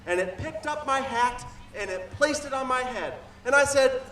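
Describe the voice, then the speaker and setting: Very high, bouncy children's entertainer man. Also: moderate pace, hardly any pauses. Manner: playful, animated, makes sound effects. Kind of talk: interactive storytelling for kids. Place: outdoor amphitheater stage. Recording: echoey outdoor stage, far from the mic.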